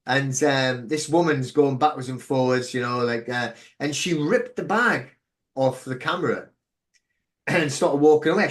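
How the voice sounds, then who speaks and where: A man's voice: medium pitch, a little slow. A man, a podcast guest telling stories in an emphatic, indignant way. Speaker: interview guest. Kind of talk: casual podcast interview.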